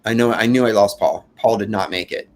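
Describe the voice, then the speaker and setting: A man recounting his escape from a fire as an interview guest, in a halting, emphatic way with many fillers and restarts. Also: lowish voice, steady tone, darkish tone. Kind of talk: emotional first-person account.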